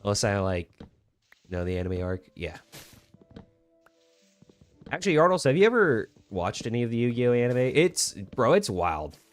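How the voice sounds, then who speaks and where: A man's voice: medium pitch, big pitch swings, normal speed, long pauses, soft background music. A young man streaming a game, chatting casually in a laid-back, rambling way with many fillers and restarts. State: hiccuping. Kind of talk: casual gaming stream chat.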